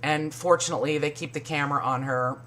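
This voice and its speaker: A woman's voice: fairly even intonation, quick pace, fairly bright tone, slight background noise. A woman recapping a reality show in casual, profane commentary, sarcastic and mocking. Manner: sarcastic, swears a lot, mimics people in high voices.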